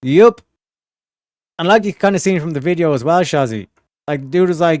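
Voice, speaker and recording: A man's voice: medium pitch, a little fast, darkish tone, no echo. Rambling man streaming, dry close sound. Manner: rambling, chatty, swears freely, lots of "like". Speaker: livestream host. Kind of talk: casual livestream chat.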